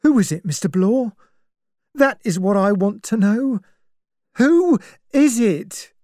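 Nervous manservant, played by a female narrator, pressing and insistent, raised pitch; dry close recording. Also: expressive, takes it slowly, warm tone, no room sound. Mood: urgent. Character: urgent, nervous male servant. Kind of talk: audiobook character reading.

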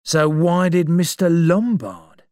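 A man's voice: fairly high pitch, lively intonation, takes it slowly, darkish tone, no room sound, studio quality. A man voicing a blunt, suspicious man in a story reading.

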